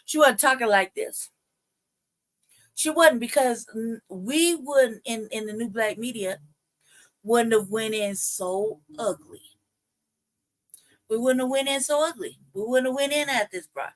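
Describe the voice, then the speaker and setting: A woman hosting a livestream, giving a heated, profane rant that circles back on itself as she tries to calm herself down. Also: fairly high pitch, a little slow, pauses often. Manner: profane, heated, repetitive ranting; trying to calm herself down between outbursts. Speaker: livestream host. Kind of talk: ranting commentary livestream.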